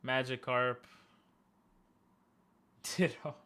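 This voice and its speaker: A man streaming a game live from his room, talking to himself in halting, frustrated bursts with frequent restarts and laughs. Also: mid-range voice, little pitch movement, sharp tone, clear, resonant tone. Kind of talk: live gameplay commentary.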